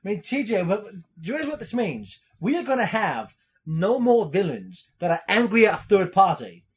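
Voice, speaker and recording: Lively high-voiced man chatting. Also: moderate pace. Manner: laughing often, acts out quotes. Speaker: podcast co-host. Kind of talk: casual chat.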